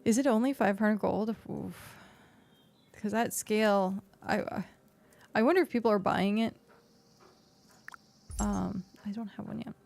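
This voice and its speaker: A woman's voice: medium pitch, unhurried, vocal fry, long pauses, a little mellow, slight background noise. A woman streamer chatting casually as she plays and explains a game, with lots of fillers, into a desk microphone. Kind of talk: casual gameplay commentary. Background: faint background music.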